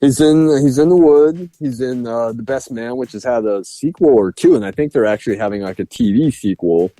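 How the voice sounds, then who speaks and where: A man's voice: mid-range voice, brisk, mellow, dry recording, faint music behind. A man co-hosting a podcast, reviewing a film in casual chat, laughing often and swearing enthusiastically. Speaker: podcast co-host.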